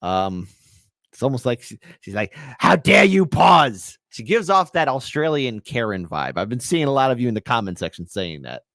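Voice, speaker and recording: A man hosting a casual commentary show, jokey and excitable, and often poking fun at himself. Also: medium pitch, a little fast, no echo, clean studio sound. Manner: jokey, excitable, self-mocking.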